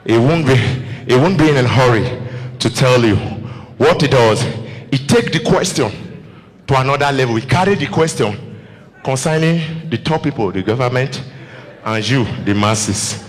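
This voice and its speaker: A man's voice: mid-range voice, expressive, normal speed, big-room sound. A man with a Nigerian Pidgin English accent doing a stand-up comedy routine on a live stage, telling stories and slipping into characters. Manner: storytelling, switching into acted characters.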